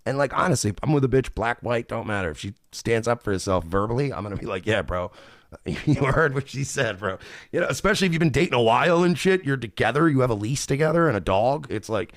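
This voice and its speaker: A man's voice: medium pitch, lively intonation, fast, no room sound, studio quality. A male podcast host in a crude, rambling monologue full of swearing, acting out what other people say. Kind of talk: casual monologue.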